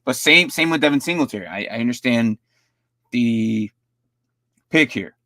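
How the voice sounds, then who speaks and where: Gravelly man rambling through roster reviews. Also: mid-range voice, expressive, normal speed, pushed and bright, no echo. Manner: rambling, stumbles and repeats words. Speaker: fantasy football streamer. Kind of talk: casual live-stream roster review.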